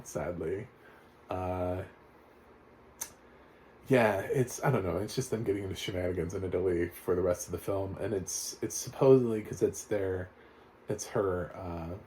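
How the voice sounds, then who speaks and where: A man's voice: lowish voice, dark tone, slight background noise. A man reviewing a film in casual, rambling talk with sarcastic asides.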